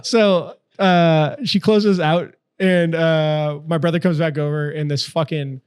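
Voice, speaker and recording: A man in his thirties spins a rowdy, profane story for a podcast. His voice sits a bit high for a man, and he jumps in and out of acted quotes with plenty of energy. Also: steady tone, takes it slowly, a little mellow, clean tone. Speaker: guest. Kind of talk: storytelling in casual podcast chat.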